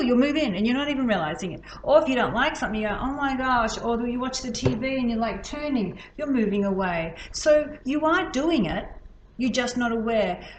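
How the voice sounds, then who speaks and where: A woman instructor talks students through a hands-on technique in a loose, chatty way. She demonstrates as she goes. The room is echoey, with a faint background hum. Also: on the high side. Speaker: healing instructor. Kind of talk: casual teaching demonstration.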